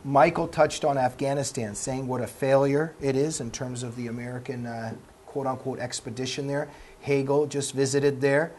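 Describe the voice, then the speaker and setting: A man's voice: medium pitch, steady tone, moderate pace, darkish tone, a little hiss or hum. A man with a Canadian accent hosting a political panel talk show, formally introducing guests and cutting in with questions. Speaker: host.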